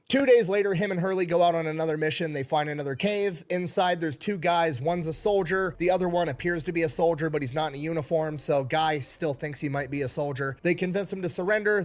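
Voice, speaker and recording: A man narrating a war story in a casual, blunt way, acting out the dialogue and swearing freely. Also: fairly high pitch. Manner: blunt, profane retelling with quoted dialogue. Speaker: storyteller in a played video.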